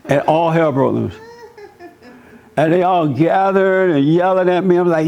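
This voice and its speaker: A man giving a church talk as pastor, telling stories in an animated, preachy way. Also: a little high, a little slow, vocal fry, pauses often.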